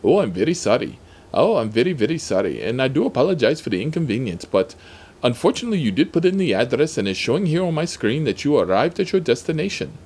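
A man plays an overly apologetic customer support agent who reels off scripted courtesies at speed. The voice stays polite and smooth, with pitch that rises and falls. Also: big pitch swings, quick pace, a little mellow.

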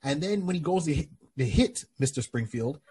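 Very husky man retelling a comic. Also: on the high side, normal speed. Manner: animated storytelling with many restarts. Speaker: podcast host. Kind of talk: casual chat.

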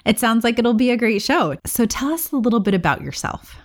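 A woman hosting a podcast, conducting a scripted interview in a friendly, measured way. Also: a little high, very animated. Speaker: podcast host.

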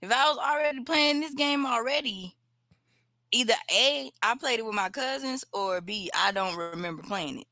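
A woman co-hosting a podcast in relaxed, slangy casual chat, laughing often. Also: a little high, normal speed, no echo, studio quality. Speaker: podcast co-host.

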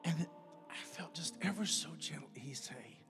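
A man's voice: fairly high pitch, unhurried. Man in his fifties giving an informal sermon. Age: 50s. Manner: conversational, plays out inner dialogues in lively voices. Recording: music playing behind.

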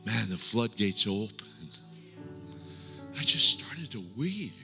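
A middle-aged man preaching a sermon with a personal testimony, speaking earnestly with halting restarts and dropping to hushed tones. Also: medium pitch. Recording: long hall reverb, faint music.

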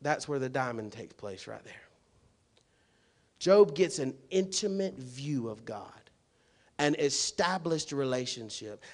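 A man preaching a sermon in a colloquial, emphatic way, dropping to quiet asides and rising to loud, shouted points full of rhetorical questions. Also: medium pitch, lively intonation, slow pace.

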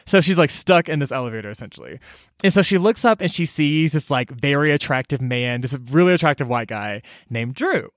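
A young man recapping a book in a casual, animated and slangy way, full of fillers and sassy asides. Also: mid-range voice, a little fast, no room sound, studio quality. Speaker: podcast host recapping a book.

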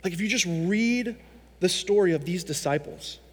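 A pastor with a high, bright voice delivers a sermon, and his words ring out with a long reverb from the church hall. He tells stories with animation and slips into the voices of the people he quotes. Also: animated, moderate pace, slightly rough.

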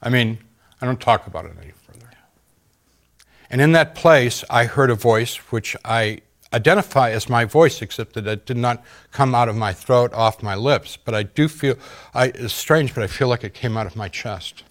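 Man, earnest halting testimony, mid-pitched voice, interview guest. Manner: earnest, halting, with frequent pauses and fillers.

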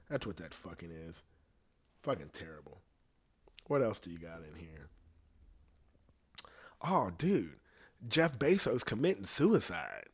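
A man hosting a podcast, ranting in a rambling, profane, comedic way, laughing often and sometimes dropping to a low mutter. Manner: drops to a low mutter at times. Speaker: podcast host. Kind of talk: casual comedic rant.

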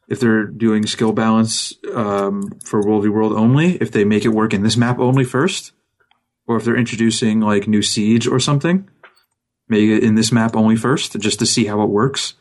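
A man with a fairly low voice talks loosely on a gaming podcast, wandering from point to point. His humor is dry and wry, and he tosses in quick asides as he goes. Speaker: podcast co-host. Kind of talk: casual gaming chat.

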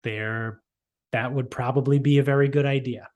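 Man, casual podcast chat, profane rambling, average pitch. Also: fairly even intonation, moderate pace, darkish tone, muffled recording. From Boston area. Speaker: podcast co-host.

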